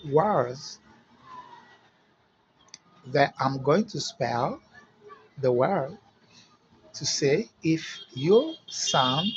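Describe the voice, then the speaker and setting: Very slow, lively-pitched quiz host. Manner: spells words out letter by letter, slow and deliberate; greets in several languages. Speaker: video creator. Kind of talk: casual quiz for viewers. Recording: dull lo-fi recording with faint background noise.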